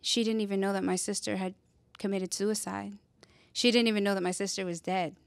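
A young woman telling a personal story in an earnest, conversational way, dropping quiet on painful memories and lifting when she acts out scenes. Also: fairly quick, creaky, no room sound. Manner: earnest, conversational, with fillers and rhetorical "right?"; drops quiet and low on painful memories, lifts for animated retelling. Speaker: speaker sharing her story.

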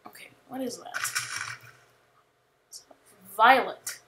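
A woman chatting casually while playing a video game, rambling and joking, with sudden panicked yells. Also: on the high side, slow, noisy background. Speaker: gamer. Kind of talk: casual gameplay commentary.

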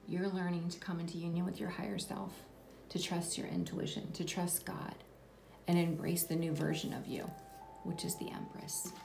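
A woman giving a spiritual tarot reading to her viewers, soft and reassuring, often dropping to a whisper. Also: lowish voice, little pitch movement, normal speed, vocal fry. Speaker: tarot reader. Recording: echoey room, distant mic, background noise.

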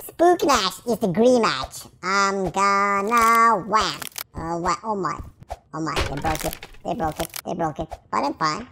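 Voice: medium pitch, big pitch swings, unhurried, background noise. A gameplay commentator talking in a goofy, silly, rambling way, taunting the game's characters as he plays.

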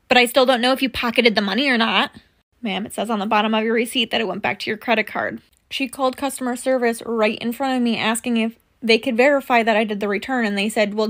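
A woman quickly retelling an argument with a customer over a refund. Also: fairly high pitch, a bit bright. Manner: rapid, quotes a back-and-forth argument. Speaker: former retail cashier. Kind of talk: storytime retelling.

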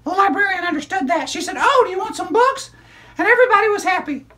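A man's voice: lively intonation, bright, forceful tone, heavily acted. A man voicing a perky, chatty female puppet sidekick who tells stories eagerly in a children's puppet show. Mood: excited. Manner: eager, rushing storyteller, high squeaky voice.

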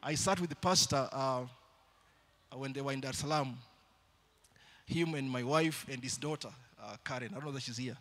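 A man preaching a sermon in church, shifting between loud calls to the congregation and quieter storytelling. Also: mid-range voice, normal speed, long pauses.

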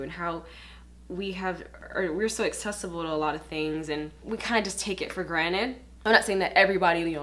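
A beauty vlogger with a fairly low yet fairly bright voice chats casually while doing her makeup in a get-ready-with-me video. She rambles with lots of fillers and is openly emotional.

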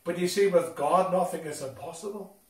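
A man telling a Bible story to children at a school assembly, animated and expressive as he talks to them directly. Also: high-pitched, fairly quick. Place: school hall. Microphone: distant from the recording mic. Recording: echoey hall from far off.

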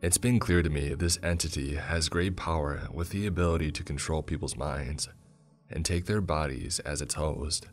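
A man narrating a horror story in a steady, grave tone. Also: very deep voice. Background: soft music.

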